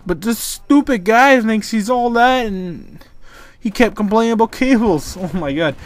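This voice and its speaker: A young man talks over his gameplay, his voice sitting a little high for a guy. He rambles and restarts his sentences, sounding fed up as he tells the story, in casual gaming-commentary style. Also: expressive, unhurried. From Canada. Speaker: gaming YouTuber.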